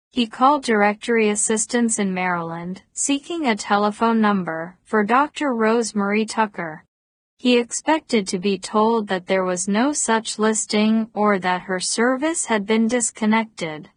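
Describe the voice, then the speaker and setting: A woman narrating a novel as an audiobook in a measured, even reading voice. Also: mid-range voice, no room sound. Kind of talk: scripted narration.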